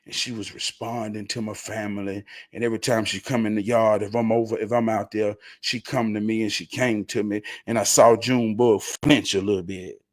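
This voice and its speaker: A man hosting his show, telling a story with animated delivery that swings from low mutters to loud excited shouts. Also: fairly quick, few pauses.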